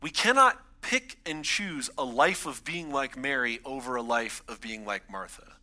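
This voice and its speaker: A man in his thirties preaches a sermon with a very bright, forceful tone. He talks in a conversational way, pressing harder on his key points. His pitch sits in an ordinary middle range for a man. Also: lively intonation, normal speed. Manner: conversational preaching, builds emphasis on key lines. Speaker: pastor.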